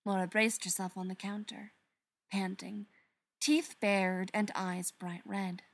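A woman narrating a story aloud in an expressive storytelling manner. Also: medium pitch, a little slow. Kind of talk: reading fan fiction aloud.

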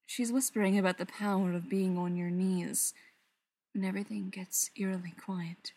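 A woman reading a story aloud in a soft voice that often drops into a whisper. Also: medium pitch, fairly even intonation, normal speed. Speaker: story reader.

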